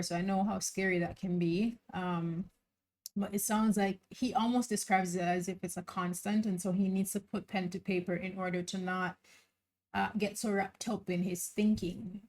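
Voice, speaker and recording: Brief: woman, reaction host, casual musing commentary, mid-pitched, halting and reflective. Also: steady tone, a little mellow. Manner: thoughtful, musing, trailing off with frequent laughs and fillers.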